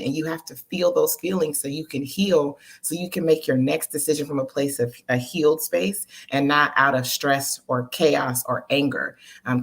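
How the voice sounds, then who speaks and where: A woman's voice: deep voice, breathy edge. A woman guest on a live-streamed interview, talking candidly and with animation, laughing easily. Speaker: guest, entertainer and producer. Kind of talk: casual interview talk.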